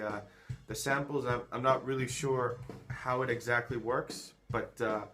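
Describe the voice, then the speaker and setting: With a mid-range voice that's a bit bright, a man walks through his music production workflow in a casual how-to style. He thinks aloud on a phone recording, using lots of fillers and frequently starting over.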